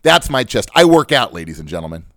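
A man's voice: medium pitch, very animated, fast talker, a bit bright, no echo, studio quality. A man hosting a financial radio show, ranting with jokes and fired-up emphasis. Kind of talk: comic talk-radio rant. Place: radio studio.

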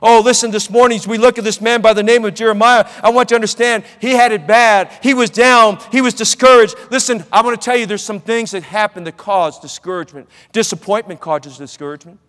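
A man with a very high voice delivers a sermon with emphatic, repeated phrases. His words ring out with a long reverb, as in a large church sanctuary. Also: steady tone, quick pace, hardly any pauses, fairly bright tone. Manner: emphatic, repetitive preaching cadence. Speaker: preacher.

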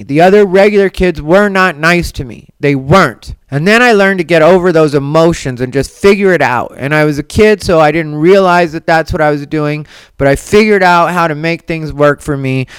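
A defiant woman holds forth on her own podcast, talking bluntly and refusing to soften anything. Her voice is smooth and clear. The sound is dry and close, with no room echo. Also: fairly low pitch. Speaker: podcast host. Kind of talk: opinionated solo podcast monologue. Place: Las Vegas.

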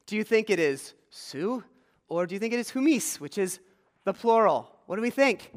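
A man's voice: high-pitched, animated, normal speed, big-room sound. A man from rural Pennsylvania preaching a conversational sermon in a church, quizzing the congregation. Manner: conversational, engages congregation with questions. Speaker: pastor. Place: church sanctuary.

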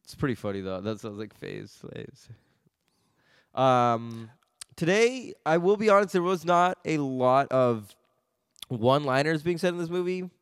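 Man, podcast co-host, casual movie chat, smooth clear voice, dry close sound. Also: fairly high pitch, animated, unhurried, no room sound. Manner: laid-back, swears freely, laughs often.

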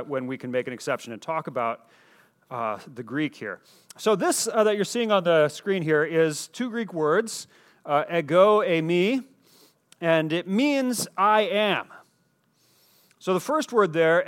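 A man preaching a teaching sermon in an explanatory way, with fillers and restarts, slowing down to stress key words. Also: a little high, a bit bright. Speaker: pastor. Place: indoor teaching space with a screen.

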